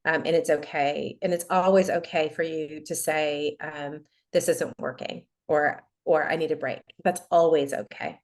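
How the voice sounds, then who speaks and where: A woman's voice: low voice, fairly even intonation, moderate pace, few pauses. A woman guest who works as an Enneagram coach, talking in a casual podcast chat and telling stories full of quoted dialogue.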